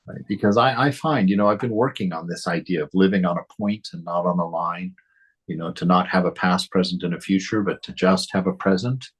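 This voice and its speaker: Reading aloud from a devotional book, a man reflects on spiritual teaching in a relaxed, conversational manner, frequently asking "right?" and saying "you know." He has a low, husky voice, captured in a rough recording.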